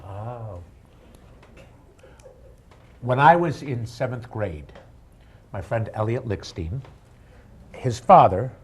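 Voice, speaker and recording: Middle-aged man, husky, lively pitch, self-mocking comic storyteller. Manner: animated, self-deprecating. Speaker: guest storyteller.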